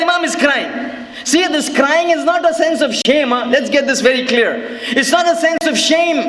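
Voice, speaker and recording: High-voiced preacher in an echoing hall. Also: male voice. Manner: impassioned, frequently rising to shouts, emphatic repetition. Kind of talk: sermon. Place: large hall with live audience. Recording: echoey hall recording.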